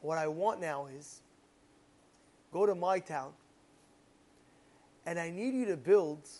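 A man casually telling a parable as a moral lesson, animated and rambling, with repeated fillers. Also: a little high, takes it slowly, long pauses. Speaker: storyteller giving a moral lesson.

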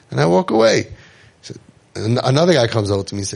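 A man with a gravelly, creaky voice gives an inspirational storytelling talk. He jokes and acts out the people he quotes, and his pitch sits in an ordinary middle range. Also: big pitch swings, fast talker, pauses often, darkish tone. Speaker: inspirational speaker.

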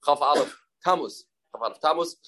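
A man's voice: a little high, fairly quick, fairly bright tone, slight background noise, low-quality recording. A man with a Yeshivish accent teaching a daily Talmud lesson, repeating key phrases and asking and answering his own questions. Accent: Yeshivish English.

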